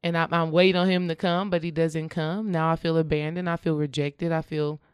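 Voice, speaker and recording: A woman's voice: sits low, a little fast, smooth, dry recording, clean studio sound. A woman in casual conversation, earnestly sharing her own experience and coaching the listener, often checking in with "okay?". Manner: acts out quoted dialogue in lively voices.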